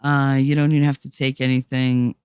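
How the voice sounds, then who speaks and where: A woman's voice: very deep voice, little pitch movement, fairly quick, darkish tone, clean tone, no room sound, studio quality. A woman hosting a casual livestream and reading viewer chat. She talks bluntly, swears a lot and laughs often. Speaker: livestream host.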